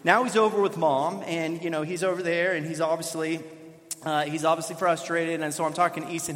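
A man with a fairly high voice preaches to his church, keeping it chatty with frequent "right?" asides. His words ring out with a long hall reverb. It sounds like a sanctuary sermon. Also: fairly even intonation, brisk, fairly bright tone. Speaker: pastor.

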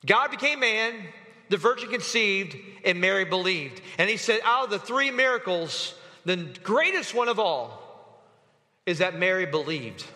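A man preaching a lively sermon, calling his congregation to read scripture aloud with him. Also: high voice, measured pace. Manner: animated, calls the congregation to read along. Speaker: pastor. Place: church sanctuary. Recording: hall reverb.

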